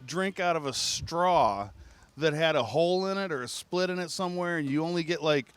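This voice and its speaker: A man's voice: fairly high pitch, moderate pace, smooth, dry recording. A man co-hosting a casual podcast recorded on location in a bar, laid-back and jokey. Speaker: podcast co-host. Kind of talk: casual chat.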